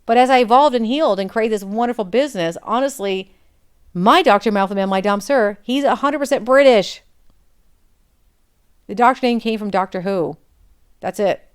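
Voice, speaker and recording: A woman's voice: on the high side, normal speed, pauses often, clean tone. A woman in her forties hosting a podcast, talking frankly and chattily in a candid personal monologue. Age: 40s. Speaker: podcast host.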